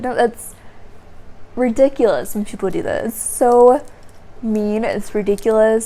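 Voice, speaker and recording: A woman's voice: mid-range voice, measured pace, warm tone. Earnest rambling young woman vlogger. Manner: earnest, rambling, heavy filler "like". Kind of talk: personal confessional vlog.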